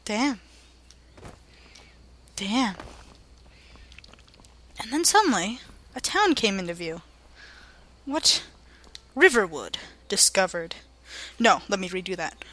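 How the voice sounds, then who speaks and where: A woman's voice: medium pitch, very animated, takes it slowly, long pauses, a bit bright. A young woman narrating her video game playthrough like a goofy storybook, full of silly asides. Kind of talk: playful let's-play narration.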